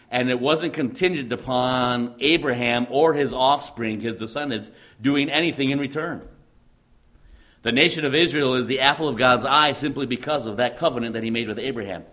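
Male preacher, medium pitch, emphatic teaching delivery, repeats key words. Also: normal speed, a bit bright. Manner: emphatic, repeats phrases, quotes in a commanding voice. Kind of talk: sermon teaching.

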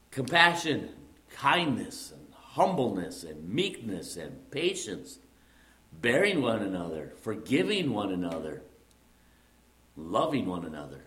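A middle-aged man preaching in an earnest voice of middling pitch. He leans hard on key words and keeps putting rhetorical questions to his listeners. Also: fairly bright tone. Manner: earnest, rising to emphatic stresses, with repeated rhetorical questions. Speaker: pastor. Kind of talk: sermon.

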